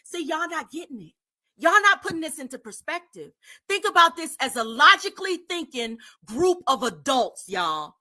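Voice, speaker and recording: High, bright-voiced indignant woman. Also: sing-song, normal speed. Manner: repetitive, emphatic, indignant. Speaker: commentary streamer. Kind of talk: indignant live commentary.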